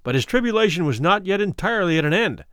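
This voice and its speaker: A man narrating a classic story aloud in a measured, expressive way. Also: sits high, clean tone, dry recording, studio quality.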